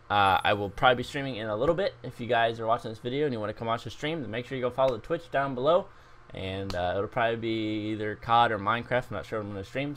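A young man giving joking, excitable commentary over his own gameplay as a video host. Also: medium pitch. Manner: animated, joking, exclaims at the game.

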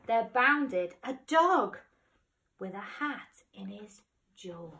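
Woman reading a storybook aloud, very lively and slow, bright tone, roomy and distant. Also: a little high. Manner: expressive, shifting between hushed whispers and loud cries.

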